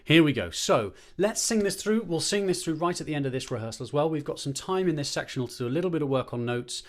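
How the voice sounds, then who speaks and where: A man's voice: a little high, expressive, quick pace. Male choir conductor, streamed rehearsal; encouraging, upbeat coaching with counted breathing. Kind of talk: online choir rehearsal and warm-up. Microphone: streamed to a screen.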